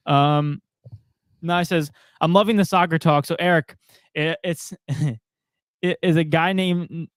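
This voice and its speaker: A man's voice: a little high, steady tone, unhurried, dry recording. A young man co-hosting a sports podcast, chatting casually, laughing often and reading out viewer comments. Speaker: podcast co-host.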